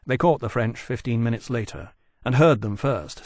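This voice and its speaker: Measured male audiobook narrator, dry close. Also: mid-range voice, no room sound. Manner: measured, even storytelling. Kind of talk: scripted narration.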